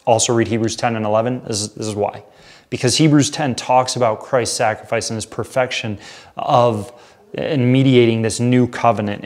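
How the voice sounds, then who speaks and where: A man's voice: mid-range voice, darkish tone. Earnest man teaching Bible study. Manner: earnest, conversational, reads scripture aloud then rephrases it. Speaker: pastor.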